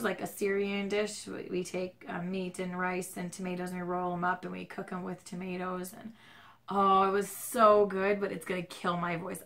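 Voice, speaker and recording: Midwestern woman, gravelly creaky voice, stuffed-up strained voice, rambling casual vlog chat at home. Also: fairly low pitch, a bit bright. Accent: Midwestern American. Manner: rambling, self-deprecating, chatty. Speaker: vlogger. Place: home at night, dim lighting. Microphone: camera mic, handheld shaky camera.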